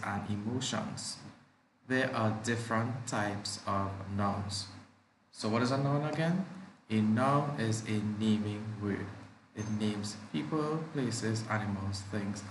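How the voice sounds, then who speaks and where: A low-voiced male teacher taking his time over every word and saying each one twice for young learners. His patient explaining rings out in an echoey room. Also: slight background noise. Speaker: primary school teacher. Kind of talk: live online class teaching.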